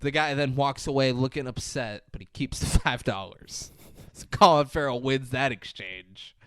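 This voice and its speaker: A man's voice: medium pitch, normal speed, a bit bright, clean tone, dry recording, clean studio sound. A man co-hosting a podcast, retelling a movie in casual chat and acting out the characters' lines with plenty of swearing. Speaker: podcast co-host. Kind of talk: casual film recap chat.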